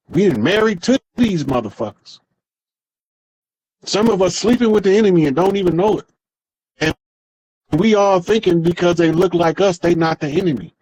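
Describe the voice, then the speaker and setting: A man's voice: on the high side, darkish tone, slightly rough, no room sound, rough recording. A man speaking as an interview guest in a loose, emphatic storytelling style, swearing freely and acting out the voices of people he quotes. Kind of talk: casual storytelling monologue.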